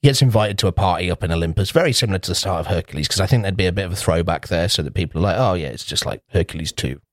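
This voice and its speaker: A man co-hosting a casual podcast, rambling through a playful movie pitch and slipping into quick character voices. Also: dry recording. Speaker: podcast co-host. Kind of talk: casual chat.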